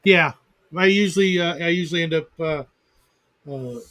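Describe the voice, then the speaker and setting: A man in a casual chat, talking haltingly with many pauses and restarts. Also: a little high, sharp tone, no room sound.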